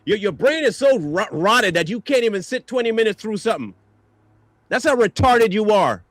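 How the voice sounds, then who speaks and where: A man's voice: high voice, animated, moderate pace, dry recording. A man hosting a stream, delivering an angry, mocking reaction rant full of insults. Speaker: stream host.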